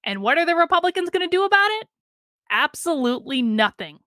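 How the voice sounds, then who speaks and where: Exasperated high-voiced woman ranting. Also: big pitch swings, fairly quick, bright, forceful tone, no room sound, clean studio sound. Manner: exasperated, emphatic, mocking quotes in a sing-song voice. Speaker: political commentator streamer. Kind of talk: ranting political commentary.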